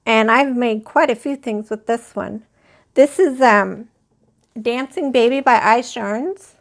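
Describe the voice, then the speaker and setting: A woman with a slightly high voice hosts a casual crochet live stream. She talks slowly and rambles, chatting with viewers in the chat. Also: gravelly. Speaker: crochet channel host.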